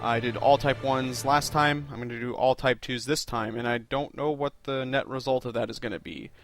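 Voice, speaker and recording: A man hosting a let's-play, chatty and self-deprecating, rambling through plans with plenty of fillers. His voice sits at a middling pitch, with faint music playing underneath. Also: fairly even intonation, moderate pace, fairly bright tone. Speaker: video game let's-play host. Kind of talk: casual gameplay commentary.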